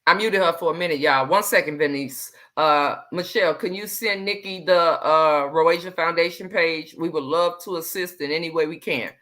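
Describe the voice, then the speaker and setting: A woman's voice: low voice, normal speed, hardly any pauses, a bit bright. A woman hosting a livestream, talking emphatically and calling her viewers y'all. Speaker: livestream host. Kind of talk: casual livestream talk.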